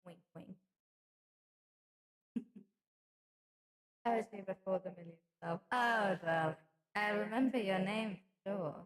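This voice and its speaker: Debuting as a streamer, a woman chats in character with her viewers, theatrical and affectionate, calling them darling. She speaks at a medium pitch, slowly, with long pauses.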